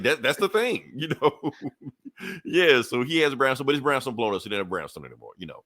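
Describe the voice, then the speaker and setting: A man's voice: mid-range voice, big pitch swings, fast, fairly bright tone, dry recording. A man co-hosting a podcast, casually recapping a comic book in a loose, profane storytelling way with lots of filler asides. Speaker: podcast co-host reviewing comics.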